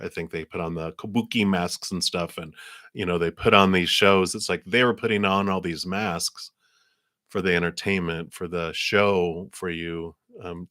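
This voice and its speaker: A man's voice: sits low, pushed and bright, dry recording, clean studio sound. A man giving a live tarot reading, talking in a rambling, meandering way full of fillers. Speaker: tarot reader.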